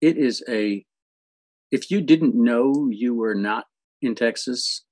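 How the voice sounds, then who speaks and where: A man's voice: mid-range voice, takes it slowly, a little mellow, dry recording. A man being interviewed as a guest musician, telling stories in an easygoing way and laughing often. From from a family in Eastern Kentucky, now living in Rhode Island. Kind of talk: casual interview chat.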